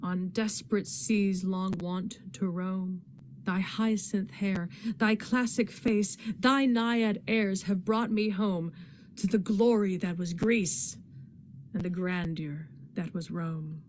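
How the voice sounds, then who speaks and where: A woman reading poetry aloud in a dramatic, expressive recitation. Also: mid-range voice, takes it slowly, a little hiss or hum. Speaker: poetry reader in a readathon.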